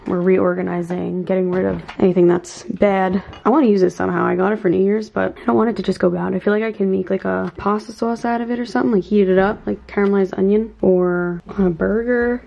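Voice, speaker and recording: A young woman vlogging casually at home, reacting with giggles and quick, animated exclamations. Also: mid-range voice, vocal fry, lo-fi sound. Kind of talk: casual chat. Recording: faint background noise.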